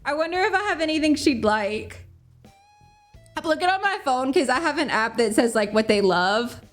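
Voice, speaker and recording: A woman's voice: high voice, animated, moderate pace, fairly bright tone, faint music behind. A young woman streaming a cozy game, chatting casually, bubbly and giggly, often apologizing to her characters. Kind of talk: casual gameplay chat.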